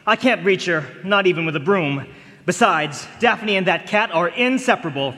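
A man's voice: sits high, expressive, moderate pace, sharp tone, big-room sound. A man playing a stammering, lovestruck suitor. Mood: flustered. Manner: stammering, flustered. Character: nervous lovestruck young suitor. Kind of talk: radio drama acting.

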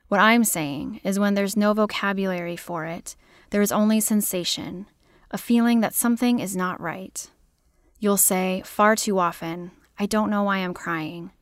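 A woman poet reading her own poems aloud in a measured, deliberate way. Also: medium pitch, no echo, studio quality. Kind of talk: poetry reading.

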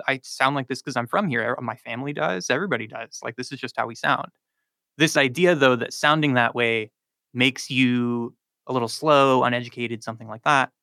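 A man's voice: medium pitch, pushed and bright, no echo. A man, a linguistics professor, explaining his research on a radio interview with frequent ums and likes.

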